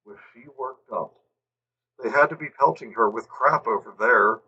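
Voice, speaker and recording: A man's voice: medium pitch, normal speed, pushed and bright, muffled recording. A man hosting a livestream, reading a fanfic aloud, exasperated and swearing as he goes. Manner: exasperated, swearing, breaking into laughter. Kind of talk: live comedic dramatic reading.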